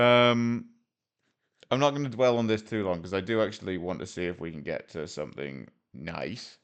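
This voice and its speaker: A man's voice: deep voice, moderate pace. A man from Wales giving rambling, jokey, self-deprecating commentary as a vlogger, full of fillers. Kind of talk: casual commentary over a map game.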